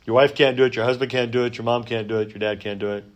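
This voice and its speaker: A man preaching a sermon in a conversational way, rising for emphasis and dropping to soft asides. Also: mid-range voice, fairly even intonation, racing. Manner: conversational, many fillers and restarts. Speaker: pastor.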